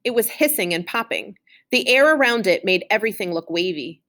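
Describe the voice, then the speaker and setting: A woman reading a children's chapter book aloud in an expressive, animated way. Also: mid-range voice, fairly quick. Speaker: reader.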